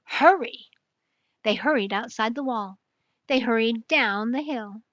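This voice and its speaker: Older woman, storybook reading, slow and bright; dull dry recording. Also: a little high, no echo. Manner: slow, clear, even reading. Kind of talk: reading a picture book aloud.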